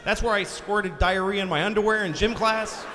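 A man in his forties from Boston doing live stand-up on a concert hall stage, ranting profanely with deadpan asides, speaking into a handheld mic. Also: high voice, normal speed. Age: 40s. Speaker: stand-up comedian. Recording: live hall recording with long reverb and faint ambience.

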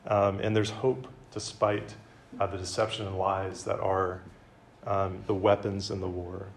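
A man giving a conversational sermon to a campus group, with self-deprecating humor and a relaxed, chatty delivery. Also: deep voice, measured pace, slight background noise. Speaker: campus ministry speaker. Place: meeting room with an audience.

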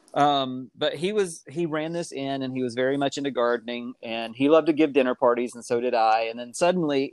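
A middle-aged man telling his life story in casual conversation, animated and acting out the voices he quotes. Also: dry recording. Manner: animated, acts out quoted voices with big pitch jumps.

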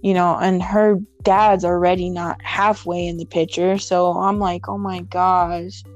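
A young woman telling an emotional personal story in conversation, halting and full of fillers and restarts, with faint music behind. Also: lowish voice, flat delivery, lo-fi sound.

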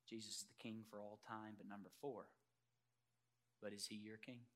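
A man preaching a sermon as pastor, emphatic, swinging from loud declarations to quiet earnest asides and putting questions straight to the congregation. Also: fairly low pitch, flat delivery, moderate pace. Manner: addresses congregation directly with rhetorical questions.

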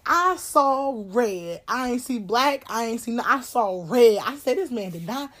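A woman, telling a personal story in a blunt, animated way, swearing and laughing often. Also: on the high side, measured pace. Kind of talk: casual storytime chat.

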